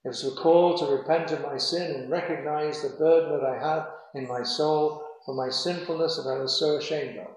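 A man preaching a sermon in an earnest, measured way, slowing down to stress key phrases. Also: fairly high pitch, fairly even intonation, darkish tone. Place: church. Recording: very echoey hall.

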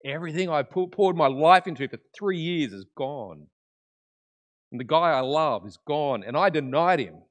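A preacher voicing a brash eager disciple. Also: male voice, on the high side, lively intonation, normal speed, lightly acted. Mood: grieving. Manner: brash, casual retelling. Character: eager, overconfident male disciple.

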